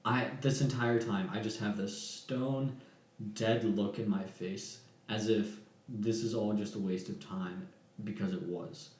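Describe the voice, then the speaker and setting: A young man telling a work story on a podcast, animated and laughing, then dropping to deadpan. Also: fairly low pitch, unhurried. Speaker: podcast guest. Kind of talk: casual storytelling. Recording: echoey room.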